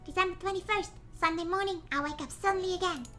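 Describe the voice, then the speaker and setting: A woman's voice: very high voice, quick pace, pushed and bright, faint music behind, pitched above the performer's own voice. A woman putting on a voice for a weary young male hotel detective, reading game narration aloud in character. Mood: dry.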